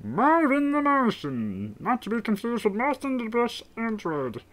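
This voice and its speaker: A man's voice: extremely high pitch, big pitch swings, a bit bright, voice pushed up, exaggerated voice, poor audio. A man putting on a cartoon Martian villain, a small, pompous alien who drags out his threats in a thin, nasal voice. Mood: grandiose. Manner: grandiose, threatening, drawn-out.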